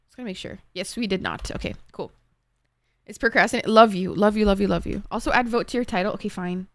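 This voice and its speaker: A woman's voice: medium pitch, quick pace, dry recording. A young woman streamer chatting casually with her viewers, emotional and swearing freely. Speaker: live streamer.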